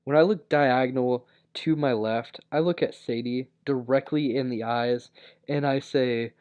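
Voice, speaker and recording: A young man recounts a personal story in a loose, rambling way, leaning on fillers and restarting his sentences. His voice sits at an ordinary pitch for a man. The recording sounds a little dull and lo-fi. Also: moderate pace, a little mellow, clear, resonant tone. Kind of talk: casual storytime monologue.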